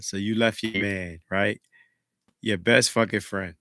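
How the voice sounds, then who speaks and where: A man hosting a podcast, commenting on a clip in an emphatic, animated way, swinging between loud remarks and hushed asides. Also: lowish voice, unhurried, no room sound, studio quality. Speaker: podcast host reacting to a clip. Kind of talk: casual commentary.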